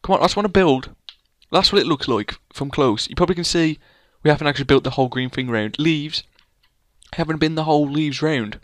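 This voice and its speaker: A man's voice: on the high side, brisk, fairly bright tone, no echo. A man, casually chatting and teasing a friend while playing a building game. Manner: rambling, playful, teasing his co-player. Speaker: let's play gamer. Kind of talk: casual gameplay commentary.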